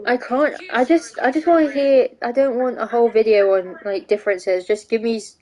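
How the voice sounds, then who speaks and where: Speaking fairly quickly with fairly even intonation, a young woman chats and rambles on her stream, with lots of restarts and casual cursing. Her voice is on the high side and warm, though the recording is rough.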